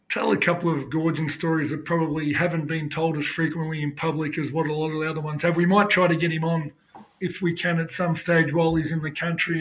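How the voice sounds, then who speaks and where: Higher-voiced Australian man hosting a podcast. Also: a bit bright. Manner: conversational, steers topics. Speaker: podcast co-host. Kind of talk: casual chat.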